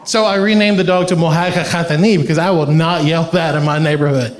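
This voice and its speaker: A man from Iran performing a stand-up comedy set, telling animated stories and laughing through his own punchlines. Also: a little high, fast talker. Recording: echoey live comedy venue.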